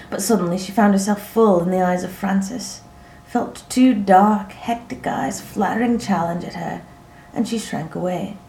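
A woman narrating a literary story in a measured, vivid descriptive reading. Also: medium pitch, gravelly, dark tone, a little hiss or hum. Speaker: audiobook narrator. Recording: roomy echo, faint ambience.

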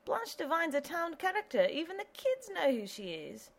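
A woman's voice: very high-pitched, huge pitch swings, moderate pace, voice pushed up, heavily acted. Woman playing an indignant very young husband. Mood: impatient. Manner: indignant, hot-tempered.

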